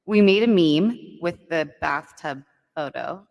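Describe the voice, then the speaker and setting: A woman telling a dating story on a podcast, chatty and animated, saying "like" and "right?" a lot. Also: deep voice, takes it slowly, in a large hall. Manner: animated, heavy use of "like" and "right?". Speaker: guest storyteller.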